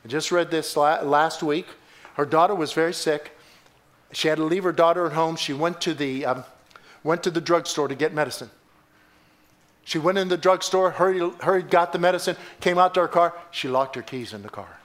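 A man preaching a sermon as pastor, emphatic and storytelling, swinging from loud exclamations to hushed asides. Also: on the high side, moderate pace. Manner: storytelling with repeated words and restarts.

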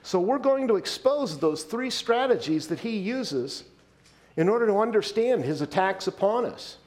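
A male pastor delivering a sermon, emphatic, slowing down and dropping his voice to stress key points. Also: high-pitched, animated, a little mellow.

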